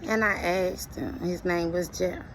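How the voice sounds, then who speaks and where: A middle-aged woman giving an earnest, preachy monologue about life lessons, speaking slowly and deliberately. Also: fairly low pitch, fairly even intonation, slight background noise, poor audio. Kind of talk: reflective motivational monologue.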